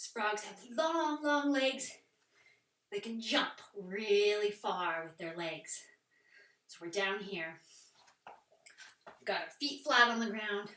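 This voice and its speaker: A woman teaching a playful children's yoga session, talking in a sing-song voice that sometimes drops to soft whispers. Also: mid-range voice. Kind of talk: guided kids' yoga with animal play. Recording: echoey room, voice from a distance.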